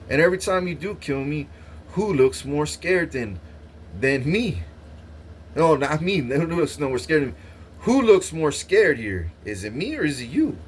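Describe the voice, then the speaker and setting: A man's voice: on the high side, animated, moderate pace, slight background noise. A young man telling a long rambling story to his stream, swearing constantly, laughing and restarting his sentences. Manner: profane, rambling, laughs often, stammers and restarts. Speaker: livestreamer.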